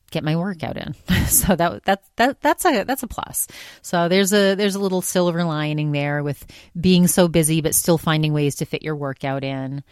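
Woman podcast host, rambling and venting, lowish voice, dry close sound. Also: dry recording. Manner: rambling, filler-heavy and exasperated. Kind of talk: casual solo podcast monologue.

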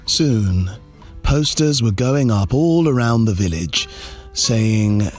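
A man reading a children's story aloud, slow and expressive, drawing out repeated words. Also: medium pitch, soft background music.

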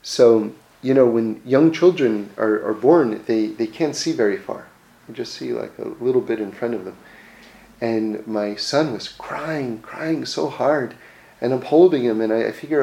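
A man giving a Torah class, telling stories in an animated way with frequent restarts and repeated words. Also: medium pitch, unhurried, gravelly. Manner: animated storytelling with many restarts. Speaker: Torah teacher. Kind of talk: religious class, story-driven teaching. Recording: echoey room.

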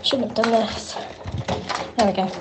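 A high-voiced woman rambles through a casual voicemail, a little out of breath. Her phone recording carries faint background noise. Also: steady tone, a little slow. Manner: chatty, rambling. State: slightly out of breath. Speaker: caller leaving a voicemail.

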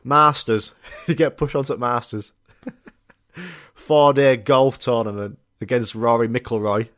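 A man's voice: medium pitch, fairly even intonation, unhurried, fairly bright tone, no room sound, clean studio sound. A young man hosting a podcast, rambling through comic stories, swearing and laughing, and acting out the voices of people in them. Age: young adult. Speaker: podcast host. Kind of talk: casual comic monologue.

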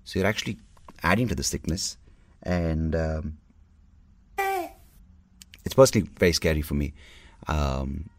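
A man's voice: very deep voice, wildly swooping pitch, measured pace, long pauses. A man hosting a solo podcast as a stand-up comedian, talking in a candid, rambling way and swearing freely.

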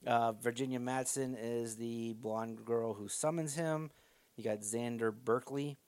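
A man's voice: medium pitch, steady tone, unhurried, darkish tone, clear, resonant tone, no room sound. Man casually hosting a movie podcast. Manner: loose, profane, reads synopsis off-handedly. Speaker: podcast host.

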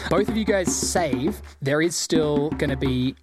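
Man, game master, tabletop game narration, casual fillers, laughing, loud background music. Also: a little high, animated, unhurried. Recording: music playing loudly behind.

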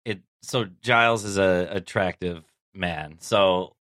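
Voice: low voice, slow pace, fairly bright tone, dry recording. A podcast co-host joking in casual chat.

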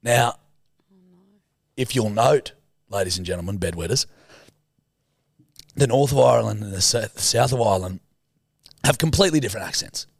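A man's voice: lowish voice, moderate pace, vocal fry, pauses often, dry recording, studio quality. A young Australian man hosting a podcast, telling a story in casual chat and slipping into put-on voices. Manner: animated, slips into put-on voices. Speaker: podcast host.

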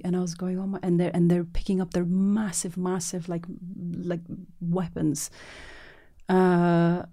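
A woman's voice: fairly low pitch, little pitch movement, measured pace, dark tone. A woman documentary filmmaker telling her story as a podcast guest, earnestly acting out the voices of the people she met and often restarting her words. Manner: earnest, vivid retelling with acted-out quotes; frequent restarts and repeated words. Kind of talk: conversational interview storytelling.

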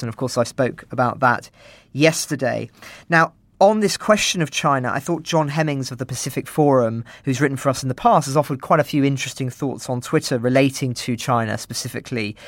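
A British man giving measured, analytical news commentary on a podcast, often quoting sources. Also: medium pitch, no room sound. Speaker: podcast co-presenter.

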